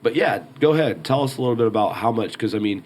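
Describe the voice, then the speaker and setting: A man's voice: medium pitch, lively intonation, fast, a little mellow. A man hosting an interview, casual and joking as he prompts his guest. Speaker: host. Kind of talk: interview conversation.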